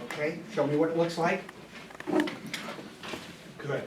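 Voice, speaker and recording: A woman's voice: low voice, steady tone, slow pace, long pauses. A woman teaching a class, coaxing answers from students with questions. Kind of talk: classroom lesson. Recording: echoey classroom from far off, noisy.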